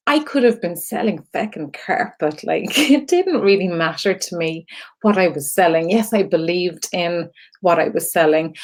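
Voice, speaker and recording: A woman's voice: mid-range voice, darkish tone. An Irish woman hosting an online community show, telling a personal story in a candid, rambling way with many fillers and restarts. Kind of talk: casual heartfelt storytelling to viewers.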